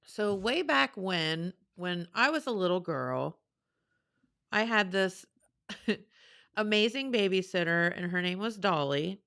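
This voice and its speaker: A woman in her forties co-hosting a talk show, teasing and quick with jokes. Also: mid-range voice, lively intonation, vocal fry, a bit bright, clear, resonant tone. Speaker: radio show co-host. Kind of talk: casual chat.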